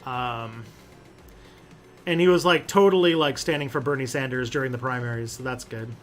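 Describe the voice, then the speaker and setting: A man's voice: mid-range voice, normal speed, faint music behind. Rambling man hosting a livestream. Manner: rambling, full of fillers and restarts. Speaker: livestream host answering chat. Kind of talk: casual livestream chat.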